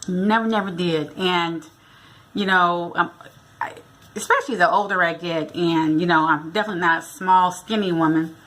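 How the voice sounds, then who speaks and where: A woman's voice: fairly low pitch, fairly even intonation, normal speed, a bit bright. A middle-aged woman from the United States, telling a story casually in a vlog and acting out the dialogue. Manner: chatty, retells a funny encounter with quoted dialogue. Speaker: vlogger.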